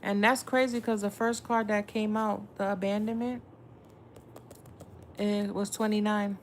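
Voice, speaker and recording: A woman's voice: medium pitch, flat delivery, a little slow, a little hiss or hum. A woman tarot reader chatting casually with viewers on a livestream, blunt and swearing freely. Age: adult with a son.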